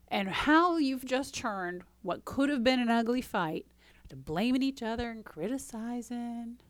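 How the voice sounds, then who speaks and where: A woman's voice: on the high side, expressive, a little slow, dry recording. Woman coaching in a dry, close voice. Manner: conversational, often asks "right?"; acts out dialogue in quotes. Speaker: relationship coach. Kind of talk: casual teaching talk.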